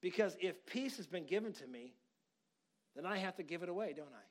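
A man's voice: a little high, lively intonation, fast talker. A man preaching a sermon, telling a story conversationally and building to emphatic encouragement. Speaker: pastor.

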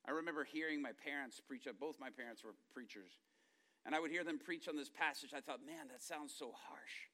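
Bright-voiced impassioned middle-aged preacher. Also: male voice, fairly high pitch, brisk. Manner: storytelling, swings from hushed murmurs to loud impassioned outbursts. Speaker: pastor. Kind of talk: sermon.

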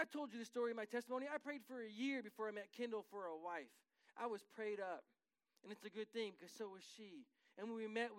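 Middle-aged male pastor, high crisp voice, dry close sound, casual storytelling sermon, self-mocking, big loud-soft swings. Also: no echo, low-quality recording. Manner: conversational and self-deprecating, shifting loud to quiet. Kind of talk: sermon with personal stories.

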